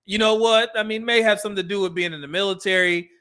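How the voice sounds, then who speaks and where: A man's voice: high voice, steady tone, quick pace, bright, forceful tone, smooth. A middle-aged man from California, hosting a casual commentary stream and giving blunt, profane advice. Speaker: host.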